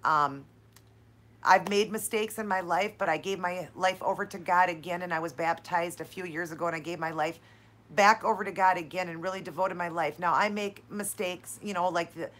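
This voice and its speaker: A woman's voice: on the low side, moderate pace, fairly bright tone. A woman hosting a live-stream Q&A, talking straight to her viewers in an effusive, encouraging and heartfelt way. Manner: talks straight to viewers, calling them "you guys" and "honey". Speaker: channel host answering live viewer questions.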